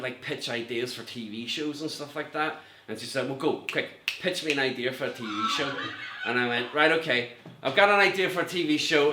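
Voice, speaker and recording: A middle-aged man with a Northern Irish accent doing a rambling, self-mocking stand-up set from home, laughing at his own jokes. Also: medium pitch. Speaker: stand-up comedian. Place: room at home with a mirror. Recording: echoey room, faint noise.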